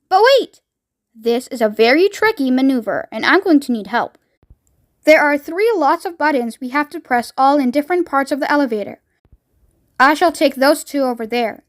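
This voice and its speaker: A woman voicing an eccentric male chocolate-maker who gives brisk, fussy commands in a storybook reading. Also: high-pitched, natural voice. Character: eccentric man chocolate-maker, bossy pilot.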